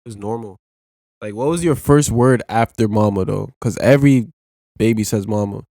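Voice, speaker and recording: A young man guesting on a casual podcast, joking bluntly in heavy slang. His voice is low and mellow, without much brightness. The recording is close and dry. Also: normal speed, no echo. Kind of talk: casual chat.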